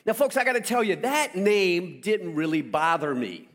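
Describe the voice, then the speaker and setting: A man's voice: sits high, lively intonation, normal speed, fairly bright tone. A middle-aged man from South Carolina preaching a sermon in church, telling a childhood story with call-and-response. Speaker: pastor.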